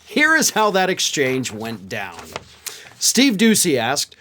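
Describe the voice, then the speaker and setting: A man's voice: a little high, wildly swooping pitch, takes it slowly, fairly bright tone, slight background noise. A man delivering online political commentary in an incredulous, exasperated, scoffing manner.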